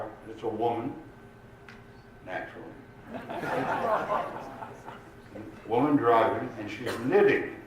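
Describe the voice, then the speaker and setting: An older man telling jokes in an unhurried, lively way to a live audience in a community room at a retirement village, recorded in an echoey room from far off. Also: medium pitch, noisy background. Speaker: amateur comedian. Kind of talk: stand-up joke telling. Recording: echoey room, mic far off, faint ambience.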